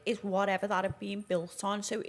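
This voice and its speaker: A woman's voice: medium pitch, little pitch movement, brisk. A young woman, a podcast guest who tells her stories in a chatty, matter-of-fact way. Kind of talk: casual chat.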